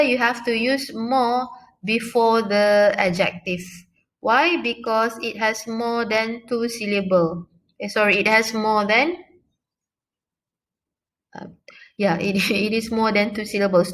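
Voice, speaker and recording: A young woman teaching a recorded English grammar lesson, patiently repeating key words slowly and often pausing with fillers. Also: a little high, fairly bright tone.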